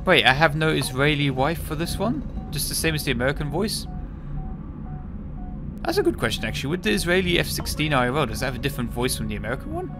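A man's voice: fairly high pitch, very animated, quick pace, over music. A man streaming a game, giving casual, joking commentary that is irreverent and profane.

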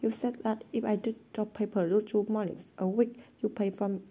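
A woman's voice: medium pitch, fairly even intonation, normal speed, dark tone, slightly rough. A woman voicing a good-natured but easily exasperated teenage boy in a storybook reading, teasing and indignant.

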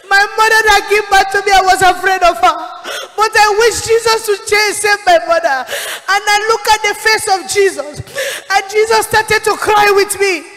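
Woman evangelist, high and fervent, shouting through tears in a reverberant hall. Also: normal speed, few pauses. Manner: impassioned, shouting, tearful. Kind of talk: sermon testimony.

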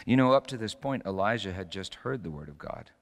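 A middle-aged male pastor preaching a sermon, telling stories with sudden loud bursts and quiet drops. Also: fairly low pitch, lively intonation, fairly quick, in a large hall.

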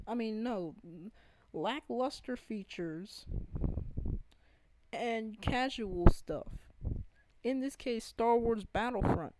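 A woman's voice: fairly high pitch, dark tone, a little hiss or hum, poor audio. A woman in an unscripted gaming rant, earnest and pleading, often stopping to restart her sentences. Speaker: gaming vlogger.

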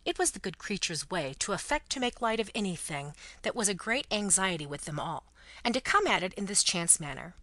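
Lively woman narrating a classic novel. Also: mid-range voice, a little fast, no echo. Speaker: audiobook narrator.

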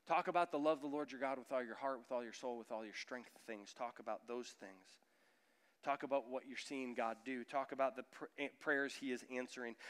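A man in his thirties, a pastor preaching a sermon in a church, lively and acting out the voices of people he quotes. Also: medium pitch, clean tone. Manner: animated, acts out quoted voices of his son and listeners. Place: church sanctuary. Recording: echoey church hall.

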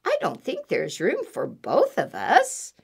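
A woman voicing an apologetic storybook rabbit who twitters in a very high voice. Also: wildly swooping pitch, slow pace, creaky, slightly rough, heavily acted. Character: fussy rabbit crowded out by cabbages.

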